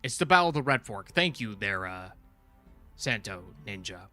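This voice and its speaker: A man hosting a casual livestream review, rambling excitedly and correcting himself as he goes. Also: lowish voice, moderate pace, faint music behind. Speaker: channel host reviewing a TV show.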